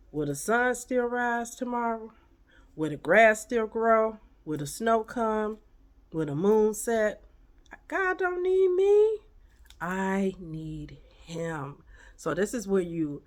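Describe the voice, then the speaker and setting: A woman giving a casual spiritual pep talk to camera, emphatic and preachy, full of rhetorical questions. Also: mid-range voice. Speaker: motivational vlogger.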